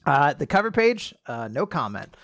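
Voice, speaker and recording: A man's voice: a little high, sing-song, normal speed, fairly bright tone, no echo, clean studio sound. A man co-hosting a podcast, chatting casually and animatedly with frequent laughs. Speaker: podcast co-host. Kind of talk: casual chat.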